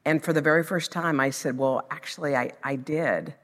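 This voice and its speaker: A woman's voice: low voice, normal speed, fairly bright tone, in a large hall. A woman guest sharing a personal story in conversation, emotional and building to hopeful emphasis.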